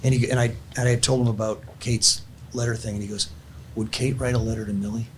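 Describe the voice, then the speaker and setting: A grandfatherly older man speaks earnestly in a middle-pitched voice, telling a family story as though chatting across a table. He sounds heartfelt and sincere, and a faint hiss of noise lies behind him. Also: steady tone, fast talker. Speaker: podcast guest. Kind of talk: conversational storytelling and prayer.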